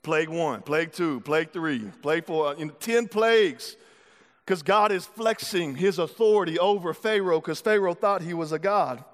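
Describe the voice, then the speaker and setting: A man preaching a sermon, retelling a scripture story in a casual, slangy way before moving into teaching. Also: high-pitched. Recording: long hall reverb.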